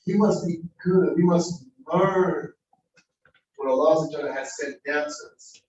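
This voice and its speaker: A man's voice: a little high, normal speed, a little mellow, muffled recording. A man giving an informal sermon in a mosque hall, preaching in a casual, slangy way and acting out everyday dialogue. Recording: echoey hall, distant mic, faint noise.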